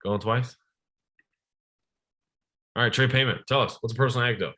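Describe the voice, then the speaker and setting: A young man giving an energetic sales training talk, speaking straight to his audience and calling on them. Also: medium pitch, moderate pace. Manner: energetic, addresses the audience directly.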